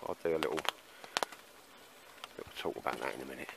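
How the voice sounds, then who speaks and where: Male bushcraft vlogger, low-pitched, casual and jokey, outdoors in the woods. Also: fast talker, creaky, heavy background noise. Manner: chatty, laughs often, calls everyone mate. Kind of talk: casual outdoor chat to camera. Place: outdoor woodland camp in rain.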